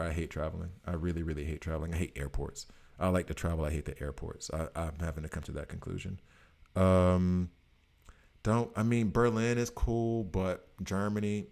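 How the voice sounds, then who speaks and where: A man's voice: deep voice, darkish tone. An American man in his late thirties, chatting loosely with viewers on a live stream in a rambling, slangy way. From United States. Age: 30s. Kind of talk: casual chat with viewers.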